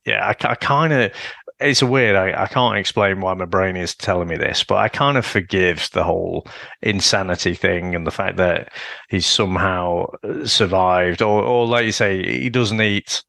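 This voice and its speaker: Male co-host, low gravelly voice, rambling and profane, dry sound. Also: moderate pace, bright, forceful tone, no room sound. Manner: rambling, swears freely, many restarts. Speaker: podcast co-host. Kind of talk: casual chat.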